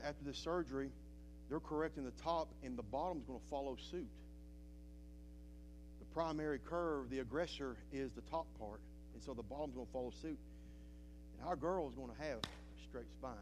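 A middle-aged man preaching a sermon, moving from quiet, halting confession to loud, impassioned preaching. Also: a little high, a little hiss or hum. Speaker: pastor. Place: church sanctuary.

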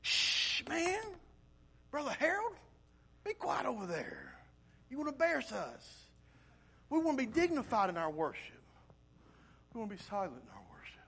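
A man voicing a prim churchgoer who shushes and scolds a noisy worshipper in a hushed voice. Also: very high voice, wildly swooping pitch, normal speed, pauses often, husky, exaggerated voice. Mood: hushed scolding.

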